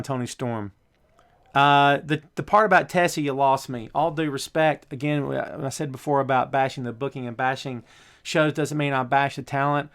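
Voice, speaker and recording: A man's voice: medium pitch, fairly bright tone. Guy ranting on his wrestling show, blunt and opinionated, keeps firing off questions. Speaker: show host.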